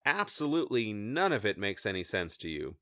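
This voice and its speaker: A man with a lowish voice narrates a tabletop game as its host and game master. He talks in a relaxed way, pausing on fillers, and the sound is dry and close. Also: no echo. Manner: relaxed, with frequent filler hesitations.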